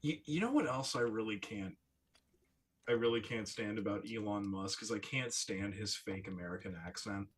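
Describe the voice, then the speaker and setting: A man co-hosting a casual podcast, ranting in a profane, animated way. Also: on the low side, normal speed, noisy background. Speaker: co-host.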